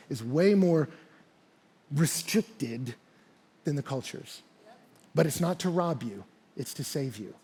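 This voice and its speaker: A man's voice: fairly high pitch, a little mellow, husky. A man preaching a sermon as a pastor in a church, talking conversationally and acting out quotes and asides.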